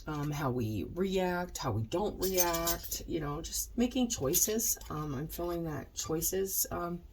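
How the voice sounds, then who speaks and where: A woman's voice: fairly low pitch, lively intonation, takes it slowly, darkish tone, slight background noise. A woman doing a casual tarot reading with a stuffed-up, nasal voice, rambling with many ums and likes. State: stuffed-up nose. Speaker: tarot reader.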